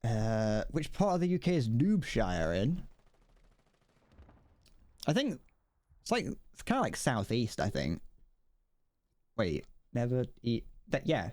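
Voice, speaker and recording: A man's voice: medium pitch, huge pitch swings, slow, long pauses, darkish tone, no room sound. A British man streaming a video game, chatting casually and rambling with jokes. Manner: joking and rambling. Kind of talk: casual live-stream chat.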